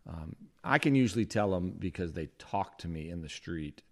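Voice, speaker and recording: Very low-voiced man telling stories. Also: normal speed. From North Carolina. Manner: animated storyteller who acts out other people's lines. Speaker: podcast co-host. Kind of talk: casual chat, storytelling.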